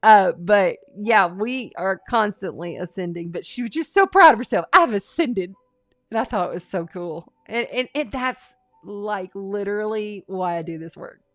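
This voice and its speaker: A woman's voice: fairly low pitch, no room sound. A woman hosting a live astrology and tarot stream, talking in a chatty, rambling and folksy way. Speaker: astrology and tarot livestream host. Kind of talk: casual livestream chat.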